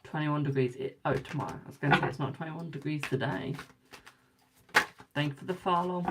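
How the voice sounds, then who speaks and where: A woman's voice: sits low, fairly quick, background noise. A young English woman hosting a live tarot stream, chatting casually and teasing her viewers as she reads their comments. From England.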